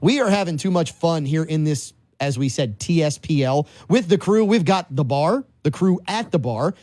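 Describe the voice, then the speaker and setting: A man's voice: a little high, lively intonation, normal speed, darkish tone, dry recording. A man in his forties from New Orleans, hosting a casual political talk radio show in a studio and musing aloud with rhetorical questions. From New Orleans, Louisiana. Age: 40s. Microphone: studio microphone.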